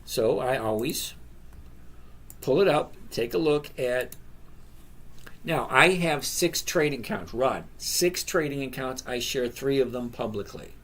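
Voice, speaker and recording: A man's voice: mid-range voice, unhurried, fairly bright tone. A man in his sixties hosting a casual live stream, reading viewer questions aloud and answering each by name in a rambling, chatty way. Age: 60s.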